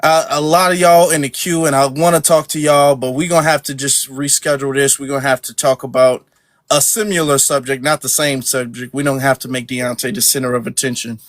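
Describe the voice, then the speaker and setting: A man's voice: mid-range voice, a little fast, no room sound, clean studio sound. Slangy, joking podcast host man. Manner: joking, animated and repetitive. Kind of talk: casual live-stream chat.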